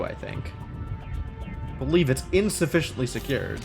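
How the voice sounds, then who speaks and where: A young man talks through a game on a live stream, full of dry, sarcastic remarks aimed at himself and his squad. His voice sits a little high and swings animatedly up and down, with faint game music underneath. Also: big pitch swings, measured pace, fairly bright tone. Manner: wry, sarcastic asides to himself. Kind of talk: casual live gameplay commentary.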